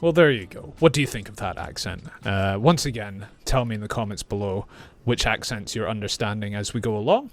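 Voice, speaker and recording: A man with a northeast Scottish accent, an English teacher reacting to accent clips, speaking clearly and patiently. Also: fairly low pitch, fairly quick, hardly any pauses. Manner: clear, patient, repeats phrases. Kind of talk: reaction video, explaining accents.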